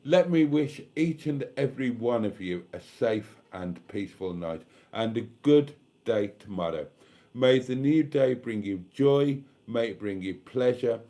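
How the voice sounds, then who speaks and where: A man hosting a late-night live stream, tired and a little tipsy, talking slowly and emotionally as he thanks his viewers. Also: mid-range voice, expressive, mellow.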